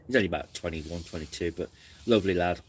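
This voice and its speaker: A man's voice: deep voice, fast, slightly rough. A man hosting a casual camping live stream, rambling and reflective, snacking between sentences.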